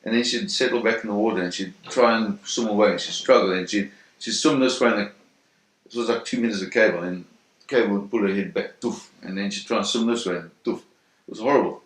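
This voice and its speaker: Low-voiced man telling a story in a roomy space. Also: quick pace. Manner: vivid, acts out sounds and voices in the story. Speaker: interviewee recounting a first-hand story. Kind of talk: animated storytelling. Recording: roomy echo.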